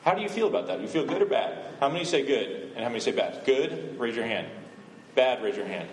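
A man's voice: medium pitch, animated, a little fast, echoey room, a little hiss or hum, rough recording. A man giving a conversational sermon as a visiting missionary speaker, often asking the congregation questions. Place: church.

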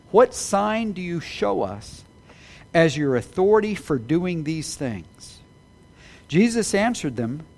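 A man preaching an Easter sermon, building to emphatic peaks with quick apologetic asides. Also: a little high, a little mellow. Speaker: pastor.

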